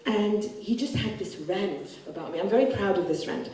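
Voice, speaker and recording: At a literature festival, a woman author discusses her book with bluntness in a stage conversation, impersonating the people she quotes. Her voice is medium in pitch and dark in tone, at a normal pace. Recorded from afar, the big hall sounds echoey.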